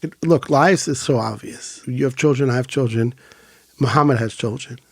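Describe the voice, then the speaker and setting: The founder of an emergency volunteer group, a middle-aged man from Israel, recounts stories in a relaxed interview and performs the voices of those he quotes with animation. He speaks in a mid-range voice at a moderate pace, recorded at studio quality with no room sound.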